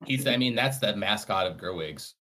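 A man with a very deep voice co-hosts a casual podcast. He jokes around and packs his sentences with fillers. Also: animated, normal speed, pushed and bright. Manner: filler-heavy, joking. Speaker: podcast co-host.

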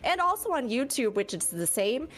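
A woman's voice: high-pitched, big pitch swings, normal speed, fairly bright tone. A woman guest on a gaming podcast, chatting casually in a playful, sarcastic, giggly way.

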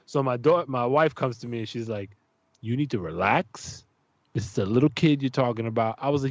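A man's voice: medium pitch, brisk, no echo. A man tells a story in casual chat, swearing freely and jumping into the voices of the people he describes. His voice sits in a middle register. The recording is dry and slightly muffled. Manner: animated, profane, acts out voices in his stories.

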